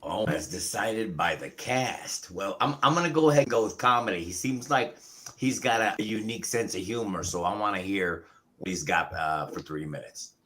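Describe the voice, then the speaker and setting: Brief: deep-voiced male panelist, hesitant and repetitive. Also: brisk, sharp tone, slight background noise. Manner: hesitant, repeats words. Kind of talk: casual chat. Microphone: video call.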